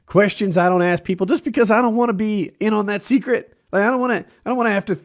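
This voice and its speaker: A man's voice: high-pitched, fast. A man co-hosting a podcast, telling stories in a rambling, casual way and laughing often. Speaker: podcast co-host. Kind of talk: casual chat.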